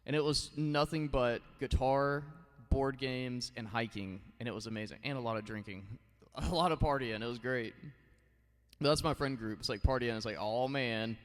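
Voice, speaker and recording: A man's voice: medium pitch, normal speed, long reverb tail. A man in his thirties chatting casually and rambling on a live stream, thanking his viewers and often saying "like" and "you know.". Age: 30s.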